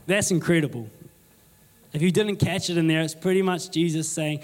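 A man's voice: fairly high pitch, fairly even intonation, normal speed. A young man preaching a sermon in a conversational way, asking the congregation rhetorical questions and ending remarks with "eh?". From New Zealand. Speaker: pastor.

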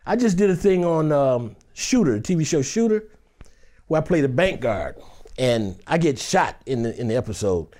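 A man's voice: fairly high pitch, sing-song, moderate pace, darkish tone. A man from Detroit who is an actor, vividly telling a dramatic personal story and acting out the scenes. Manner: vivid, dramatic, acts out scenes with shifting voices. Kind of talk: animated storytelling anecdote.

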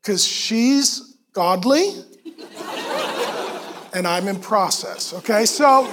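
Man, middle-aged, pastor, sermon, very high pitch, animated storytelling. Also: measured pace, long pauses, slight background noise. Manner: animated storytelling, acting out quoted voices.

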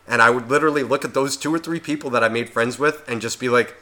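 A man's voice: medium pitch, fairly even intonation, fast talker, bright, forceful tone. A man co-hosting a podcast in casual chat, ranting and swearing constantly as he works himself up. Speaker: podcast co-host.

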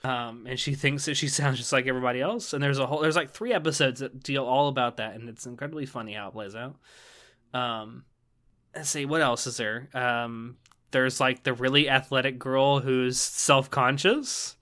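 A man chatting casually as a podcast co-host, his voice bright and forward. He rambles along, filling pauses with ums and starting sentences over. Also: mid-range voice, steady tone. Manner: rambling, lots of ums and restarts. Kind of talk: casual chat.

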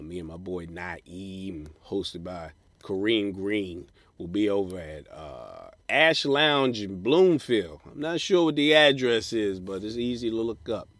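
A man, a comedian hosting a podcast and ranting profanely from a parked car, breaking into high put-on voices for quotes. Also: no room sound. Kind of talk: casual rant.

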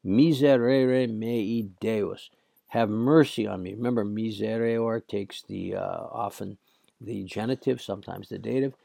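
A man with a hoarse, cracking voice teaching a Latin lesson, translating slowly and haltingly with many fillers. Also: lowish voice, steady tone, mellow, no room sound, studio quality. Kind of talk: slow classroom Latin lesson.

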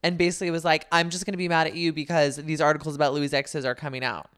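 Low-voiced chatty woman. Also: flat delivery, clear, resonant tone. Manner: chatty, quick asides and jokes. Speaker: podcast co-host. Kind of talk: casual chat about reality TV.

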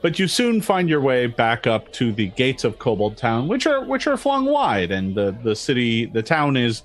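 Lively dungeon master man. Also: medium pitch, normal speed. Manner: descriptive, lots of ums and restarts. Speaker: game master. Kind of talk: narrating a tabletop game.

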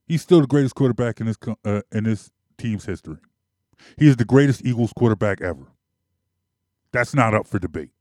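A man's voice: on the low side, brisk, darkish tone, dry recording, studio quality. A man delivering an emphatic, argumentative sports opinion monologue. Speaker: sports commentator.

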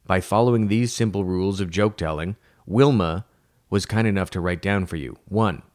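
A man's voice: deep voice, normal speed, a little mellow, no room sound, clean studio sound. A man narrating a humorous children's book, playing a rambling joke teller who keeps correcting himself. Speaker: audiobook narrator.

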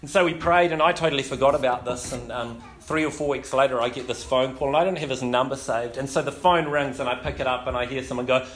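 A man's voice: mid-range voice, steady tone, fast, few pauses, a bit bright. A man, a pastor preaching a sermon full of self-deprecating stories and many fillers. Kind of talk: sermon with humorous storytelling.

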